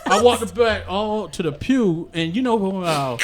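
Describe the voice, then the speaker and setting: Male podcast host, high and very expressive, laughing storyteller, noisy room. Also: measured pace. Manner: animated storyteller, laughs often, stammers and restarts. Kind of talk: casual storytelling chat.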